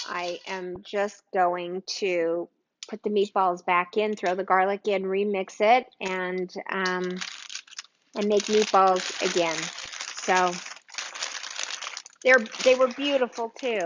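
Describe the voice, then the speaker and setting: A woman's voice: mid-range voice, highs cut off, noisy background. Chatty woman hosting a kitchen livestream. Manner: chatty, exclamatory, talks to viewers by name. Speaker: cooking show host. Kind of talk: live-streamed cooking chat. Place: home kitchen.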